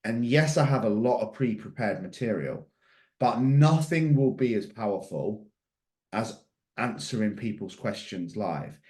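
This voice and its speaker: A middle-aged mindset coach delivers a motivational talk in an echoey room, emphatic and fond of repeating questions. His voice sits fairly low and sounds a little mellow, animated yet measured in pace.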